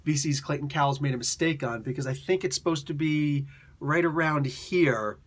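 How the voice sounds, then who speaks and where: A man casually reviewing a comic book, chatty and animated, slipping into quick character voices. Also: on the high side. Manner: chatty, with many fillers and restarts.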